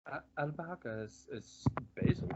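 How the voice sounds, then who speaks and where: A man's voice: on the high side, normal speed, highs cut off, heavy background noise. A man co-hosting a podcast, rambling and joking crudely in casual chat. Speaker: podcast co-host.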